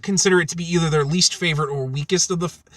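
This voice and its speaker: A man's voice: on the high side, fairly even intonation, very fast, a bit bright, no room sound. A man co-hosting a casual film podcast, rambling with many fillers and restarts. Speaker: podcast co-host. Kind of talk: casual chat.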